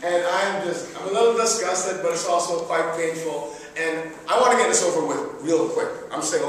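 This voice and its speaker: A man's voice: on the high side, normal speed, recorded from a distance, slight background noise. Middle-aged man telling a comic story. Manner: animated, chatty, self-mocking. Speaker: public speaker. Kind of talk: humorous speech storytelling. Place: large hall. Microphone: distant room mic. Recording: echoey hall recorded from afar.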